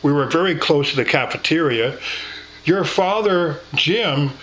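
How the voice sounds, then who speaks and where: A man's voice: a little high, animated, measured pace, a bit bright, rough recording. A man in casual conversation with his partner, rambling and blunt, with frequent swearing. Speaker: co-host recounting a shared memory.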